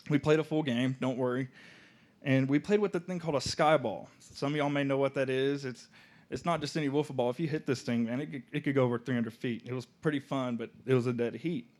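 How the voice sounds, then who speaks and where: Young man telling his story. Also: mid-range voice. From Oklahoma. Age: young adult. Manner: casual, halting, soft-spoken at moments. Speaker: student speaker. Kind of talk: personal testimony storytelling.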